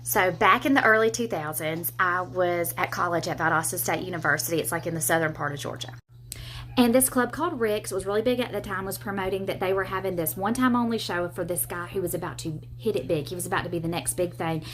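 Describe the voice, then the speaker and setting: A woman's voice: lowish voice, fast talker, a bit bright, slight background noise. A woman in her forties telling a story in a chatty way, with a long-held grudge. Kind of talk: casual storytelling.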